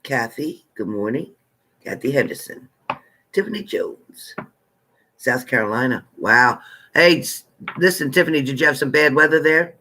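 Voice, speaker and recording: A man's voice: mid-range voice, normal speed, sharp tone. A man hosting a live tarot stream, chatting casually and greeting viewers by name with familiar terms like honey.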